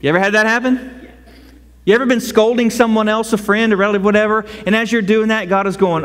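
A man preaching a sermon as pastor, conversational and animated, rising to loud cries. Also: high voice, quick pace. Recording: long hall reverb.

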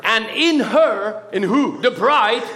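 A man preaching an impassioned sermon, often shouting out praise. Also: high-pitched, expressive, takes it slowly, reverberant. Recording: congregation audible behind. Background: congregation.

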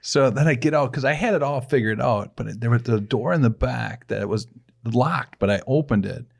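Gravelly man laughing through his story. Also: medium pitch, moderate pace. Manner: laughing, self-mocking storyteller. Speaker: podcast co-host. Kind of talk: casual podcast storytelling.

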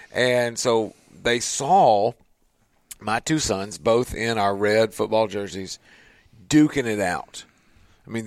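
A man's voice: on the low side, dry recording. A man, hosting a show and telling a family story casually, acting out the voices in his quotes. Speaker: podcast host.

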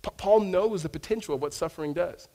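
This man's voice is high and mellow, moving a little fast as he preaches. He's an American pastor in a church sanctuary, animatedly telling stories to the congregation while regularly stammering and beginning again.

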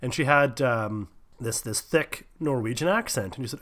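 A man's voice: mid-range voice, moderate pace, fairly bright tone. A man hosting a radio show, telling a story in a rambling, laid-back way. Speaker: radio host. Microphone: studio radio mic.

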